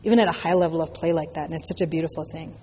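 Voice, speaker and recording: Here the same kind of talk comes very quickly from a woman whose voice sits low and has a darkish tone. She teaches and takes questions in a reflective, loose way, leaning on "you know" and "like," while a large hall echoes around her and a faint hiss or hum runs underneath.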